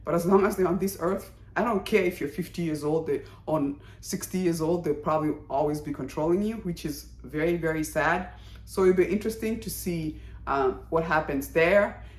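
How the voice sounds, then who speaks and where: This is a woman recording a casual review vlog, excited and exclamatory, slipping into characters' lines as she goes. Her voice sits on the low side. The room around her is echoey. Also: moderate pace. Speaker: TV drama reviewer.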